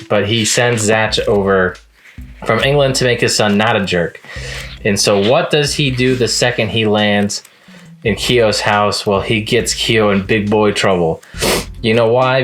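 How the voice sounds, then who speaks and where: A man's voice: fairly low pitch, fairly bright tone. A man talking casually in a manga review vlog, chatty and amused, often laughing at the scenes he recaps.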